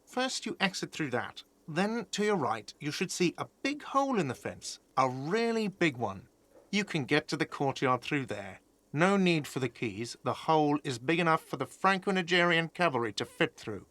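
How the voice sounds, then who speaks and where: A man's voice: fairly high pitch, very animated, moderate pace, a bit bright. A man voicing a whiny, defensive cafeteria manager in a game dub. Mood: indignant. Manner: defensive, indignant.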